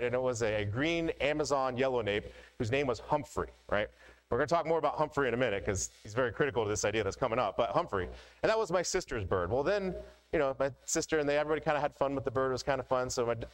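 A man's voice: medium pitch, rough recording. A middle-aged man preaching a sermon as a pastor, telling personal stories in a casual, conversational way with frequent "right?" asides.

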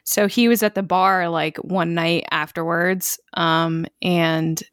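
A woman in her twenties from Connecticut, co-hosting a casual chat and telling anecdotes with animated quoted voices. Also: lowish voice, slow pace, no room sound, studio quality. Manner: animated storyteller, acts out quotes. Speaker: podcast co-host.

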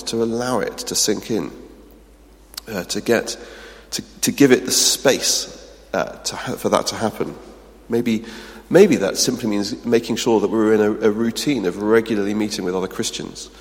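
Low-voiced preacher in a reverberant hall. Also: male voice. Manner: earnest, emphatic, frequent ums and restarts. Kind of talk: sermon with closing prayer.

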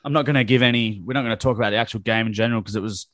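A man's voice: on the low side, racing, fairly bright tone, no room sound, studio quality. Blunt, swearing man ranting about football. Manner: blunt, profane, heated ranting. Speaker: podcast co-host. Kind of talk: casual football chat.

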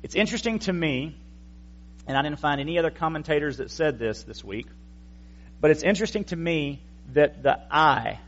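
Male pastor, fairly high voice, explaining scripture in an easygoing sermon; dull, lo-fi recording. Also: animated, moderate pace. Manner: conversational teaching with wry asides to the congregation.

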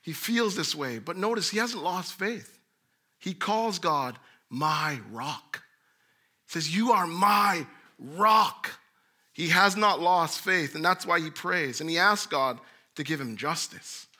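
A man preaching a sermon, earnest, rising to emphatic bursts and dropping to soft low asides. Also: expressive, measured pace.

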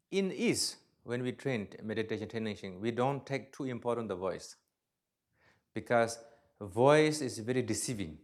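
A man gives a spoken teaching to a hall audience in halting, non-native English. His delivery is emphatic and animated, and he acts out examples as he talks. His pitch is medium. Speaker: Buddhist teacher answering audience questions. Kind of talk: spoken talk and Q&A.

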